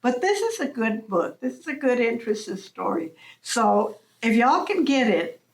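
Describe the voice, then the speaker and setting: A woman telling a folk tale as a storyteller, narrating in a slow, animated way with frequent chuckles. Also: on the high side.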